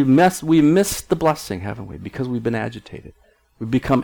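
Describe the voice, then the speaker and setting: A man's voice: fairly high pitch, a little fast, gravelly, darkish tone. A middle-aged male pastor preaching a conversational sermon in an earnest tone, often restarting his sentences.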